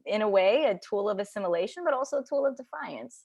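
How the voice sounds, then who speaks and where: A woman's voice: mid-range voice, expressive, fast talker, a little mellow, lo-fi sound. A woman filmmaker on a video call panel, speaking thoughtfully, searching for words, with casual slang. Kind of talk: reflective panel talk.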